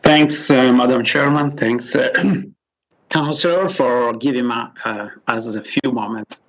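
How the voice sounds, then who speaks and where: A man presents to a committee over a video call in English that is not his first language. His delivery is hesitant and full of "uh"s and self-corrections. His voice sits at an ordinary middle pitch. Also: steady tone, measured pace, rough recording. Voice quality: non-native English speaker. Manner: hesitant, many fillers and restarts. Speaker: company delegate at a council committee. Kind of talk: halting prepared statement. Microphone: remote video call.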